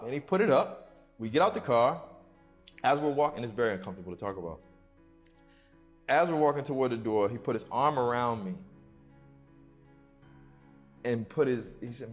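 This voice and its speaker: A man's voice: mid-range voice, fairly quick, soft background music. A man telling a story in an interview clip, acting out what was said and laughing nervously. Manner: storytelling, quotes others loudly, nervous laughs.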